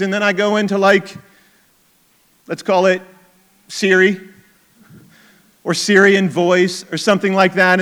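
Bright, high-voiced man preaching. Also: smooth. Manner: conversational preaching, drops to quiet intensity. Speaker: pastor. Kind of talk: sermon.

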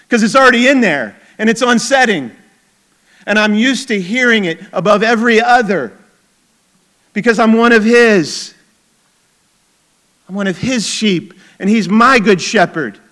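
Guy preaching a sermon, kinda high voice, chatty asides then goes quiet and intense. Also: lively intonation, unhurried, pauses often. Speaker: pastor.

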